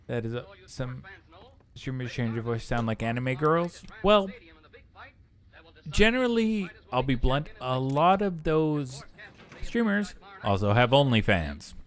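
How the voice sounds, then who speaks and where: A man's voice: medium pitch, animated, a little slow. A young man chatting casually and bluntly with profanity while streaming a game. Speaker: gaming streamer. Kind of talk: casual chat while gaming.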